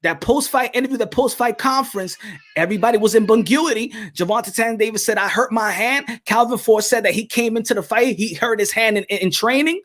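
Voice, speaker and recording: A man giving opinionated boxing commentary in an animated, repetitive way, often restarting his phrases. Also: very high voice, fast talker.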